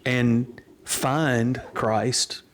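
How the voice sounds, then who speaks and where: A middle-aged man, a pastor telling the story of his church in an unhurried, earnest way. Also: mid-range voice, fairly even intonation, a little hiss or hum. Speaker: pastor and interview guest. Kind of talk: storytelling in a casual interview.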